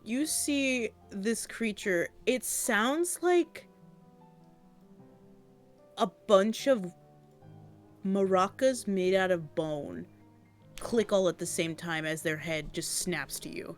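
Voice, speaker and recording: Brief: woman game master, unhurried descriptive narration. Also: medium pitch, faint music behind. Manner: slow, descriptive, playful.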